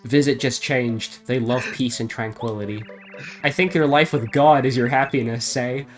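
A man reads mangled game text aloud over a live stream, deadpan and theatrical by turns. His pitch and pace sit in an everyday middle range. Faint game music plays under him. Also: normal speed. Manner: reads deadpan, breaks into laughter. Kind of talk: comedic dramatic reading of garbled game dialogue.

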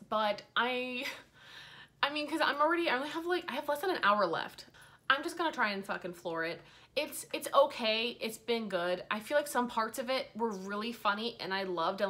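Young woman, book vlogger, casual chat, middle-pitched voice, rambling, lots of fillers, swears freely. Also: fairly bright tone. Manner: rambling, frank, swears often, many fillers.

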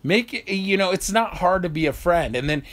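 Man, vlogger, heated profane rant, fairly high voice. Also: lively intonation, moderate pace, fairly bright tone. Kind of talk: ranting monologue.

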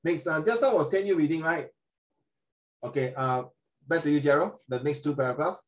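An older man, teaching a lesson in a chatty, animated way and dropping in Chinese tag words. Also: fairly high pitch, normal speed, rough recording. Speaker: tutor. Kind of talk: online English lesson.

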